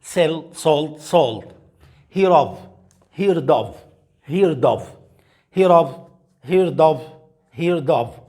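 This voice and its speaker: A man who speaks as his leads an English vocabulary drill, reading each word slowly and then repeating it. His voice sits a little high, and he says every word clearly so students can copy it. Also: expressive, darkish tone. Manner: clear, deliberate pronunciation for learners to repeat. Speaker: English teacher.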